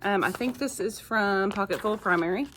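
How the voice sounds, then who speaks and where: A woman's voice: mid-range voice, fairly quick, a bit bright, slight background noise. A woman teacher chatting casually in her classroom, rambling with frequent fillers. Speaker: first grade teacher.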